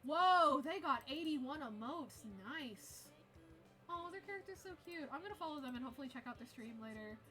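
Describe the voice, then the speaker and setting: A young woman streams live as a VTuber artist, chatting casually and gushing with excitement, laughing often and swearing now and then. Her voice is high-pitched at a moderate pace, with faint music in the background.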